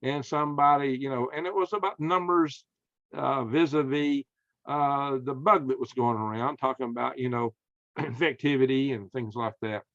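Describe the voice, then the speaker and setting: A man's voice: medium pitch, moderate pace, a bit bright, dry recording. Folksy Southern-accented man, dry muffled sound. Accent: Southern American. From Southern United States. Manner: folksy, emphatic storytelling. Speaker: podcast host. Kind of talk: casual conversation.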